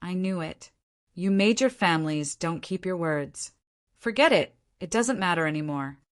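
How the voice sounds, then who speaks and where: A woman's voice: lowish voice, lively intonation, moderate pace, natural voice. A woman reading the lines of a cocky, playful teenage boy in an audiobook, in a light, teasing tone. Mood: disappointed.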